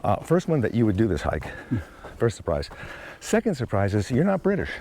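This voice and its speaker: A man's voice: lowish voice, huge pitch swings, brisk, vocal fry, dark tone. A man hosting a chat while hiking outdoors, playful and teasing, often laughing. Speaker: host. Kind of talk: casual chat on a hike. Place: outdoor canyon trail.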